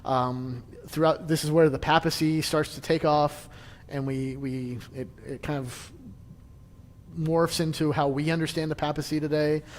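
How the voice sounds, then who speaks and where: A man's voice: on the high side, steady tone, normal speed, in a large hall. A man casually leading a church history class, chatty and joking, with frequent restarts.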